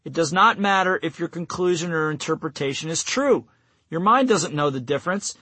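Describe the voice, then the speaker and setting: A man's voice: on the high side, lively intonation, a little fast, sharp tone, husky, dry recording. A man giving a self-help talk on sales, running through numbered steps and acting out bits of quoted self-talk. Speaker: sales trainer.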